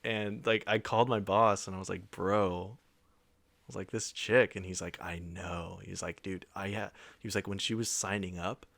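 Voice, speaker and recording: A gravelly, low-sitting male voice at a moderate pace, recorded with no echo. The young man co-hosts a podcast, casually and animatedly retelling a story while acting out the people he quotes, with some mild swearing.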